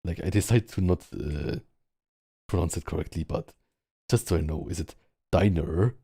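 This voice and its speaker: A man's voice: sits low, moderate pace, creaky, dark tone, slightly rough, no room sound, studio quality. A man with a German accent, chatting casually in a virtual world and rambling with lots of fillers as he practices word sounds. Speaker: VR social game player. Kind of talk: casual chat. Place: online virtual world, speaking from home.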